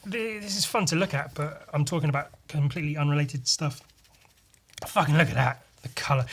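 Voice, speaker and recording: A man's voice: on the high side, fairly bright tone, a little hiss or hum. A man hosting a casual solo podcast, rambling, swearing freely and poking fun at himself. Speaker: podcast host.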